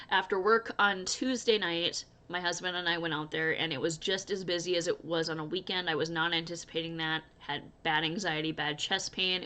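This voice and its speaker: A woman's voice: on the low side, pushed and bright. Casting: young adult woman, chatty vlogger, easygoing storyteller, laughs often. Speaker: crochet vlogger. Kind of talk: casual chat to camera.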